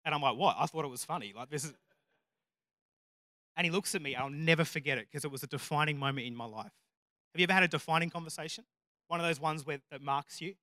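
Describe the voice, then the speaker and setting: A man's voice: fairly high pitch, racing, bright, forceful tone, no room sound, clean studio sound. A man preaching a sermon, telling stories with self-deprecating humor and building to emphatic, repeated declarations. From Australia.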